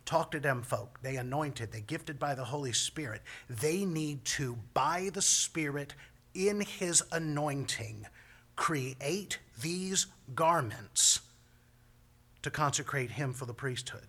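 A man preaches from the pulpit in a folksy, conversational manner. His voice sits a little high and rings bright and forceful, and he drops in homespun turns of phrase as he teaches. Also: lively intonation, slow. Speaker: pastor. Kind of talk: sermon.

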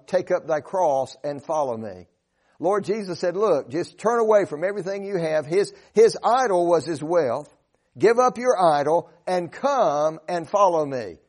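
A man's voice: on the high side, a little mellow. A man preaching a sermon, earnest and emphatic, reciting scripture in old-fashioned wording.

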